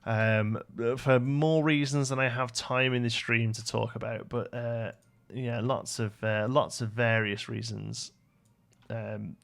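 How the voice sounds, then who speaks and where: A man's voice: medium pitch, little pitch movement, takes it slowly, gravelly, fairly bright tone. A young British man livestreaming a building game, rambling to himself and answering chat questions in a casual way. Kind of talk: casual live-stream chat while building.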